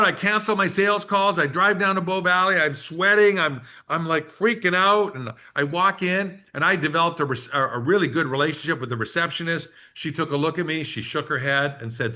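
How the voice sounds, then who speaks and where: A man in his sixties giving a business workshop, telling a story in an animated way and acting out the quotes. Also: a little high, moderate pace. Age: 60s. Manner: animated storyteller who acts out quotes and laughs. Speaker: workshop presenter.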